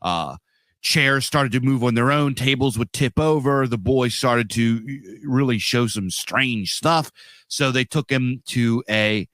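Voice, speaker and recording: A man's voice: mid-range voice, slow pace, a bit bright, no echo. A man hosting a podcast, telling a film story in a rambling, casual way with lots of fillers. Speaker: podcast host. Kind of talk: casual film-review chat.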